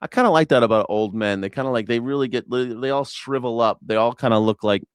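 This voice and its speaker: A man's voice: medium pitch, quick pace, smooth, no room sound. Male host, comedic ranter, profane and loose, dry close sound. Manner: loose, profane, laughing storytelling. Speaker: show host. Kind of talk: comedic rant.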